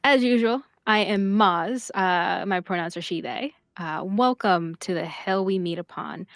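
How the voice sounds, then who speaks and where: A woman's voice: medium pitch, unhurried, a bit bright, no room sound. A woman narrating as game master, chatty and full of filler words.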